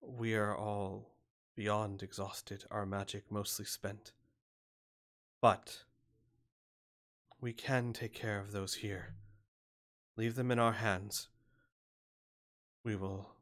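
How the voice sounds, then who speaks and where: A man voicing a weary, solemn male cleric in a tabletop game, speaking slowly and quietly. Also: on the low side, level tone. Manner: slow, grave, quiet.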